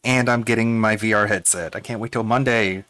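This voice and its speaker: A man's voice: on the low side, fairly even intonation, brisk, pushed and bright. A man co-hosting a stream, making wry, offhand remarks in casual chat. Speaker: stream co-host.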